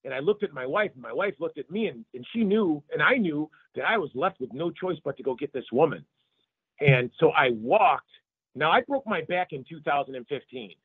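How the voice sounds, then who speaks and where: Pastor guy retelling a rescue, husky and fairly high, tinny remote audio. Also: a little fast, no echo. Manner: animated, repeats words when moved. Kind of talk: emotional interview testimony. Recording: phone-like remote line.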